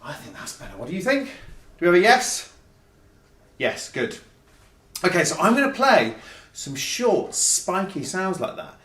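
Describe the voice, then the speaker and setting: Man, children's music lesson, playful, fairly high voice, roomy echo. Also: wildly swooping pitch, moderate pace, fairly bright tone. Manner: cheerful, playful, speaks directly to young kids with questions. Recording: echoey room, mic at a distance.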